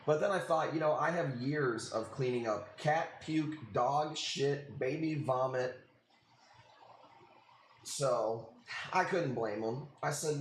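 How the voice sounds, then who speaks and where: A man's voice: fairly high pitch, echoey room, slight background noise. A man in his late thirties hosting a live stream, casually rambling through a story with lots of swearing and "dude.". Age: 30s. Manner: rambling, profane, says "dude" constantly. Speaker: livestream host.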